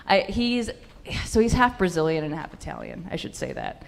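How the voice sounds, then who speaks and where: A woman's voice: fairly low pitch, very animated, normal speed, creaky, a little mellow, slight background noise. A young woman doing a stand-up set in a comedy club, brash and profane with punchy delivery into a handheld mic.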